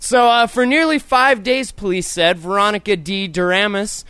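A man's voice: sits high, normal speed, bright, forceful tone, smooth, dry recording. A man hosting a talk show, sarcastic and profane, joking crudely through the news. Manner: profane, sarcastic, mock-indignant. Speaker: podcast host.

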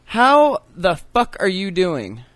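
A man co-hosting a podcast in a loud, joking, profane casual chat. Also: high voice, wildly swooping pitch, slow, no echo. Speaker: podcast co-host.

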